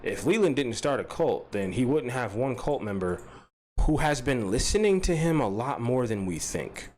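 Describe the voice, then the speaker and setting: Guy doing a commentary vlog, voice all over the place, cussing, jumps high then mutters low. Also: moderate pace, noisy background. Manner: loud and animated, pitch jumping up high; profane, mock-threatening. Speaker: commentary channel host. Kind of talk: unscripted commentary.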